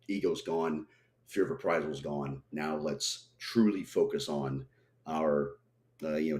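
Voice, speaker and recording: A man who trains tactical teams, talking casually in a podcast interview and acting out quoted voices as he goes. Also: extremely low pitch. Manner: animated storyteller who acts out quoted voices.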